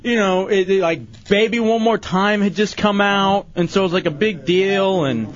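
A man's voice: high-pitched, normal speed, dull audio. A man in his thirties hosting a talk show, joking in a self-deprecating, laughing way. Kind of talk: casual studio banter.

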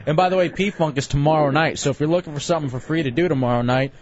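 Teasing young radio host, slightly high. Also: male voice, racing, darkish tone. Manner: teasing, mock-insulting. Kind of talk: casual radio banter. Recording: slightly dull radio broadcast with faint hiss.

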